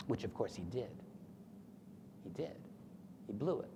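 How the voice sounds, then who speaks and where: A man's voice: lowish voice, animated, moderate pace, pauses often. A man giving a lecture who retells a story in an earnest way and acts out the quoted thoughts. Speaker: speaker at a talk. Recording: echoey hall with faint noise.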